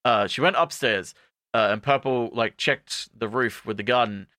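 Bright-voiced man, rambling recap. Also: mid-range voice, a little slow, dry recording, clean studio sound. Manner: rambling, playful, jokey asides. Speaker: podcast co-host. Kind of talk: casual comedic recap.

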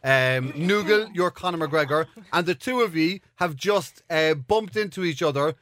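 A man's voice: fairly high pitch, moderate pace, a bit bright. A man with an Irish accent hosting a comedy podcast, upbeat and joking, swearing casually. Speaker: podcast host.

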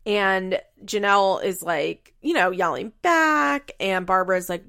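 A woman's voice: mid-range voice, measured pace, creaky, few pauses, sharp tone, smooth, no echo, clean studio sound. A woman recapping a reality show in casual chat, blunt and profane, often laughing.

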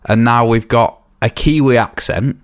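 A man's voice: medium pitch, measured pace. A young man in his twenties with an English accent, hosting a podcast in casual chat and often repeating words as he talks. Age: 20s. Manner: chatty, stumbles and repeats words. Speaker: podcast host.

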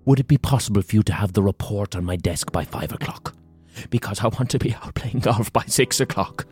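A man's voice: lowish voice, a little fast, darkish tone, faint music behind, close to an everyday voice. An Irish man putting on a pompous Irish barrister who delivers everything through strained, forced laughter. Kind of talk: comic impression.

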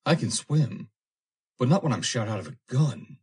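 A shrill, cowardly man in a panic, his voice pushed up high and cracking with fear, as a low-voiced male narrator puts him on. He pleads and shrieks, breathy and frantic. It comes from a storybook reading. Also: very animated, slow, darkish tone, heavily acted. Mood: panicked. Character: cowardly panicking heavyset man trapped in a sinking submarine.

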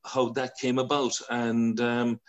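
An Irish man in his sixties, a broadcaster telling stories as an interview guest, chatty and quick to laugh, acting out voices as he goes. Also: mid-range voice, flat delivery. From Ireland. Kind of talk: casual storytelling interview.

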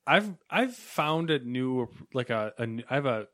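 A man's voice: medium pitch, very animated, a little slow, a bit bright, no echo, studio quality. A man co-hosting a podcast in laid-back casual chat. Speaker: podcast co-host.

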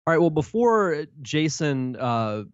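A man's voice: a little high, very animated, measured pace, smooth, no echo. A man co-hosting a retro gaming podcast, easygoing and full of "uh" fillers, also reading the sponsor spot. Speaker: podcast co-host. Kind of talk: casual podcast chat and host-read ad. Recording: dull lo-fi mic.

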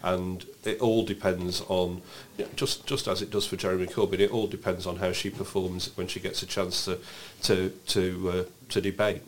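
A man's voice: low-pitched, little pitch movement, moderate pace, few pauses. A man co-hosting a casual political chat podcast, musing with frequent restarts and rhetorical questions. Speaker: podcast co-host.

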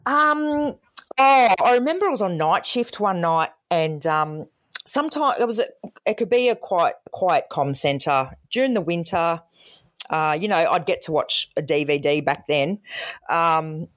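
A woman's voice: lowish voice, lively intonation, a little slow, fairly bright tone, dry recording, clean studio sound. A woman with an Australian accent, a former emergency call operator, frankly recounting calls in a podcast interview. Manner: frank storytelling, acts out callers' voices.

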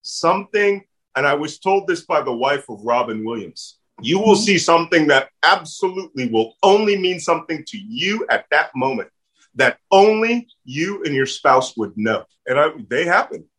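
Middle-aged philly guy telling stories, slightly high husky voice, does little voices for people he quotes. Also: moderate pace. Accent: Philadelphia. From Philadelphia. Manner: animated storyteller, acts out quoted voices. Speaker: guest. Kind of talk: conversational interview storytelling.

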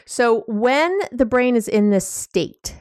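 Animated woman coach, dry close sound. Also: fairly high pitch, slow, smooth, no room sound. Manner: animated, acts out little quoted exchanges, frequent "you know"; warm and teasing with listeners. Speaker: relationship coach and podcast host. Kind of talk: casual explanatory talk.

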